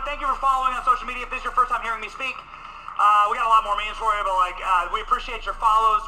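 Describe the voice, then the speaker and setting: A man in his thirties giving an energetic, mocking rally speech from a conference stage. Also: high voice, low-quality recording. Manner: energetic, mocking, crowd-pumping. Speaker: conference speaker and podcast host. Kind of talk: rally speech to a live crowd. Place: stage at a large indoor conference.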